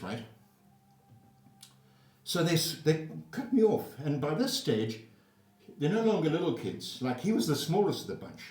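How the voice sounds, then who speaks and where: Speaking at a normal pace in a slightly high voice, this older man from South Africa spins a meandering, foul-mouthed anecdote about himself with lively, easygoing energy. A distant mic picks him up in an echoey room.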